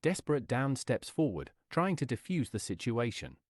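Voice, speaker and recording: Brief: male storyteller, mid-pitched, very animated swooping delivery, dry close sound. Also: normal speed, dry recording. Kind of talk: reading an interactive adventure story.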